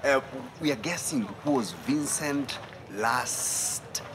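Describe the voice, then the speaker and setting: An actor playing a teasing friend who chuckles at others in a TV drama. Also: male voice, mid-range voice, slow, background noise, close to an everyday voice. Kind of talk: TV drama acting.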